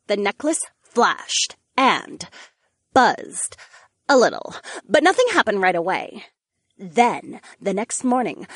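Audiobook: earnest teen mermaid, read by a woman, lively husky voice. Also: fairly high pitch, no room sound, studio quality, exaggerated voice. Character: shy teenage mermaid girl, earnest. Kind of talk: audiobook dialogue.

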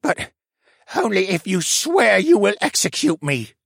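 A gravelly, husky bird-creature prisoner, put on by a male audiobook narrator, swinging from sneers to stammering pleas. The voice sits high and swoops widely. The sound is dry and close, with no room. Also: very animated, unhurried, a bit bright, dry recording, heavily acted. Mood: desperate. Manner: sneering, then pleading and stammering. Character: battered male bird demi-human prisoner, bitter and desperate. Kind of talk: audiobook character voice.

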